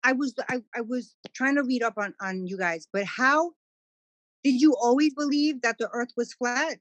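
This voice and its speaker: Chatty woman interviewer, slightly high voice. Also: moderate pace, no echo. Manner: conversational, hesitant with fillers and restarts. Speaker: podcast host. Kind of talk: casual interview.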